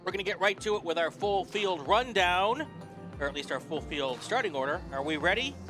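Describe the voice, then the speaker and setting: A man's voice: sits high, animated, brisk, music in the background. A man giving easygoing live play-by-play of a sports car race, with many fillers. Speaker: race commentator.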